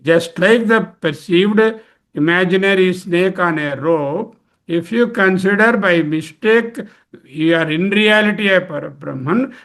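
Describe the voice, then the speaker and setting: Man, Indian English accent, high voice, gravelly, scripture teacher, emphatic explanations. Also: fairly bright tone. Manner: chants verses, then explains them slowly and emphatically. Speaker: spiritual teacher.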